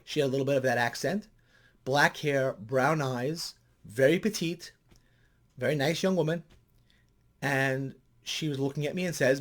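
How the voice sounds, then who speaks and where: At a normal speed, a middle-aged man who is a counselor comments in a vlog. He's an animated storyteller whose voice goes high as he gets worked up.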